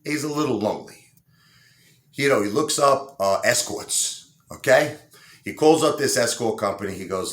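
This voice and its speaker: A man's voice: mid-range voice, animated, moderate pace, fairly bright tone. A man telling a dirty joke in a chatty way, filled with "you know.". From Brooklyn, New York. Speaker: comedian. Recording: echoey room.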